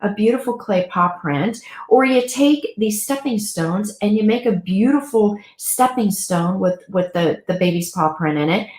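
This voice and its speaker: A woman co-hosting a talk show, chatting in an animated, gushing way about crafts for grieving children. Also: medium pitch, a little slow, hardly any pauses, reverberant. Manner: warm, animated, gushing storyteller. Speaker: pet loss guide and co-host. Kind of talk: casual talk show chat.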